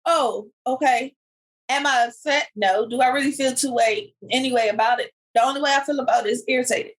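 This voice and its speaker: Animated woman podcast co-host. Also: sits high, quick pace, poor audio. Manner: animated storyteller, retells clips with quoted voices. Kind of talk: casual chat.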